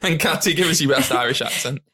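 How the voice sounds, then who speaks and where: A man's voice: mid-range voice, quick pace, very noisy. A man hosting a podcast in casual chat, laughing often and swearing freely. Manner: laughing, lively and profane. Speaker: podcast host.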